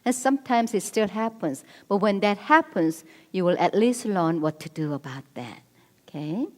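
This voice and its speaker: A woman's voice: medium pitch, animated, moderate pace. A middle-aged woman speaking at a church marriage seminar, earnest and coaching, repeating her key points. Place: church hall. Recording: long reverb of a church hall.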